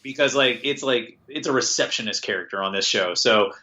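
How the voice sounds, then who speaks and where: A bright, forceful American man tells a rambling story as a podcast guest. His pitch sits at a middle level for a man. He is chatty and self-deprecating and laughs now and then. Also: fairly quick, lo-fi sound. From United States. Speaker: guest, TV writer. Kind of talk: casual podcast interview.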